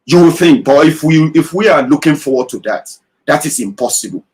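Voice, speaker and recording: A man with a Nigerian accent hosts an impassioned political commentary broadcast, speaking emphatically, putting direct questions to listeners and repeating his points. His voice is a little high and a little mellow, with lively intonation and a brisk pace. The recording quality is low.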